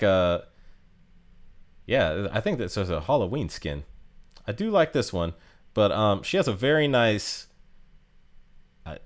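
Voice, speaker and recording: Low-voiced man rambling through a ranking. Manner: rambling, many fillers and restarts. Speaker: game guide youtuber. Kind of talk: casual ranking commentary.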